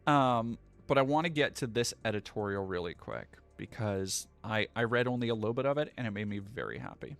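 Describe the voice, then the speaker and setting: A man's voice: fairly low pitch, fairly quick, gravelly, few pauses, a bit bright, soft background music. A man from New England doing live-stream commentary, ranting in a profane, heated way.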